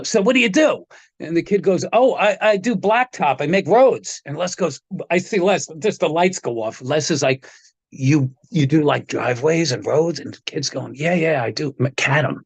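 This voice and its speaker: Speaking at a moderate pace in a slightly high voice with no echo, a man tells casual stories as a guest on a video call. He's a guitar tech who laughs a lot and performs the voices of the people he quotes.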